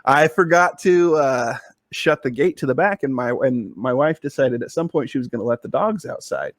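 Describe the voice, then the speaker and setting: A man's voice: mid-range voice, normal speed, no room sound. Male podcast co-host, casual rambling storyteller, dry close-miked sound. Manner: rambling, with many fillers and restarts.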